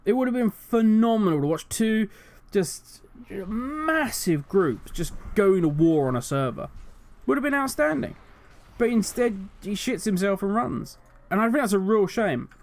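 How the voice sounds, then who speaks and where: A man's voice: sits high, animated, measured pace. A man hosting a gaming channel, ranting animatedly with exasperated rhetorical questions. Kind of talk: casual commentary rant.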